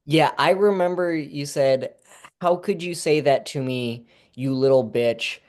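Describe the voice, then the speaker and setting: A slow-speaking afterlife interviewer, played by a performer who hesitates often and asks dry, deadpan questions. The pitch sits in the middle range, and the improvised comedy manner keeps things understated. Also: natural voice. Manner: hesitant, full of ums, dryly questioning. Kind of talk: improvised comedy role-play.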